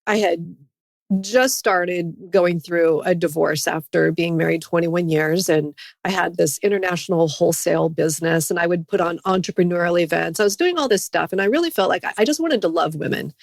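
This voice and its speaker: A woman's voice: fairly low pitch, fairly quick, vocal fry, dry recording, clean studio sound. A middle-aged woman sharing her personal story as a podcast guest, speaking earnestly about healing and faith. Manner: earnest, faith-based testimony.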